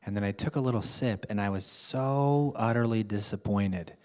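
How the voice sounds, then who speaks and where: A man telling a personal story to a workshop group, halting with fillers and restarts, with amused laughs. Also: fairly low pitch, a little mellow. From United States. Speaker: workshop participant.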